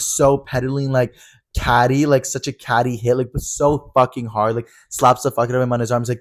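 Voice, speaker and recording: Fast-talking young man telling a story. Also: medium pitch. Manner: fast, animated retelling with lots of "like". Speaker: podcast co-host. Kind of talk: casual storytelling chat.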